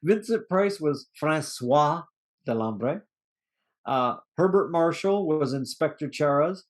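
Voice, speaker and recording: A man's voice: on the high side, lively intonation, slow pace. A man co-hosting a casual movie review podcast, rambling through cast names with restarts and chuckles. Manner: rambling, restarts, laughs at own jokes. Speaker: podcast co-host.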